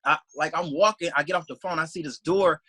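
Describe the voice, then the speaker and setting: A young man rattles through a story at high speed, his voice bright and forward with a husky edge. He rambles and leans on "like", slipping into the voices of the people he quotes. The sound is dry and close. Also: fairly quick, dry recording, rough recording. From Detroit, USA. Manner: rambling, animated, heavy use of "like", acts out quoted speech. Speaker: interview guest, salesman. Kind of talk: casual storytelling in an interview.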